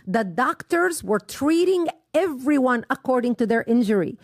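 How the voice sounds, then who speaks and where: A woman's voice: high voice, expressive, moderate pace, few pauses, no echo, clean studio sound. A middle-aged woman from Lebanon, earnestly recounting a personal story as a guest speaker, acting out the people she quotes. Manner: earnest, emotional retelling with quoted dialogue.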